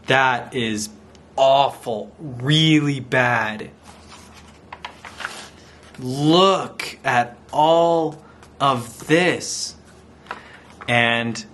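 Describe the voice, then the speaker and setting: Guy reading a kids story super slow for learners, bouncy up and down voice, repeats everything. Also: a little high, lively intonation, fairly bright tone, slight background noise. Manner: repeats simple phrases, exclaims and acts out sounds. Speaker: language teacher telling a picture story.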